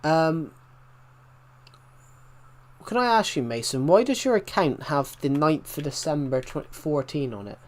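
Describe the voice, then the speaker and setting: A man's voice: a little high, lively intonation, unhurried, pauses often. British accent, young man, casual game stream chat, rambling, mild swearing. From Britain. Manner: rambling, chatty, swears mildly, many restarts. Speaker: live streamer. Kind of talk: casual live-stream chat reading comments.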